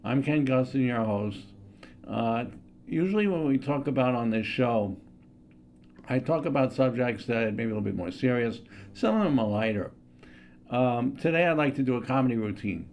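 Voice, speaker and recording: Gravelly-voiced older male host. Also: mid-range voice, lively intonation, normal speed, darkish tone, a little hiss or hum. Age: 60s. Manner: chatty, self-deprecating, hesitant with many fillers. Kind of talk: stand-up impressions routine. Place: studio.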